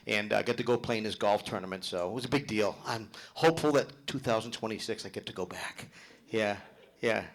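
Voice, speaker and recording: Brash, gravelly middle-aged comedian. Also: male voice, lowish voice. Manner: brash, profane, teasing the audience. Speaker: stand-up comedian. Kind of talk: live stand-up comedy with crowd work.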